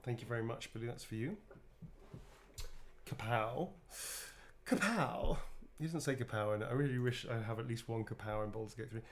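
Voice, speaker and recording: A man's voice: mid-range voice, fairly quick. A man chatting casually on a livestream while signing autographs, joking, laughing and swearing freely.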